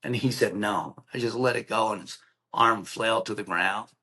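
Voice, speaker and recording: A middle-aged man appears as a podcast guest, sharing an emotional personal story in an earnest, plainspoken way and acting out the voices of the people involved. His voice is fairly low and sharp-toned with a breathy edge, at a normal speed.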